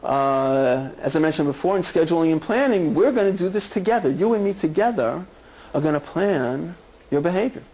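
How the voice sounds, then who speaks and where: High-voiced man lecturing clinicians. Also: expressive, normal speed, a little mellow, rough recording. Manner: conversational, repeats "okay" and "right" often. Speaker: clinician teaching a class. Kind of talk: lecture with role-play examples.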